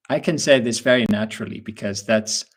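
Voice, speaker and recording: A man with an Irish accent teaching English in a webinar, explaining words slowly and patiently with examples. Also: fairly low pitch. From Ireland. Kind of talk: webinar lesson.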